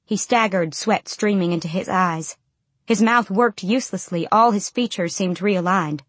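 A woman narrating an audiobook in the first person, quiet and subdued. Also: medium pitch, normal speed, no room sound.

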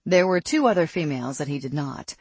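A narrator giving a steady, scripted reading of a fantasy audiobook. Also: female voice, sits low, brisk, slightly rough, no echo. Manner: steady, even storytelling.

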